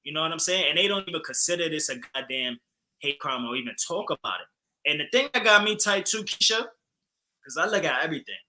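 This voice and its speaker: Bright, animated man in heated talk. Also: on the high side, quick pace, low-quality recording. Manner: animated, emphatic, frequent fillers and profanity. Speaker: podcast co-host. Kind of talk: casual heated discussion.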